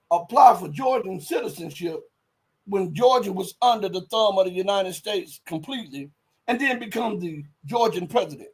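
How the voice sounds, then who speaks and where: Man, high-pitched, livestream host, casual commentary, rambling, emphatic, mutters while searching. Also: poor audio. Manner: rambling, emphatic, rises to loud outbursts.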